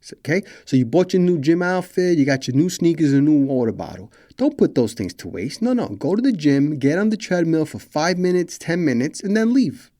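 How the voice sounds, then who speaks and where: A man's voice: a little high, big pitch swings, brisk, few pauses, warm tone. A man hosting a motivational podcast as a coach, talking emphatically and directly to listeners, repeating his points, asking them questions and swearing now and then. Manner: casual with mild swearing.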